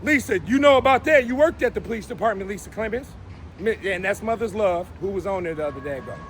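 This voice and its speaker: A man's voice: high voice, expressive, quick pace, slight background noise. A man hosting his own show, delivering a fiery, confrontational live rant from a downtown street and calling people out by name. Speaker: show host. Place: outdoors on a downtown city street.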